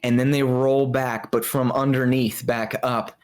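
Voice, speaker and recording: A woman narrating a tabletop horror game as game master, playful and quick to laugh. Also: extremely low pitch. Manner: lively, playful, laughing narration with sudden voice swings.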